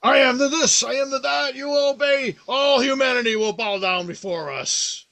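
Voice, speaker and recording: A man's voice: very high-pitched, normal speed, gravelly, bright, forceful tone, pitched above the performer's own voice, full character voice. A man voicing a megalomaniac male mouse overlord who makes grandiose, commanding proclamations. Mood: ranting.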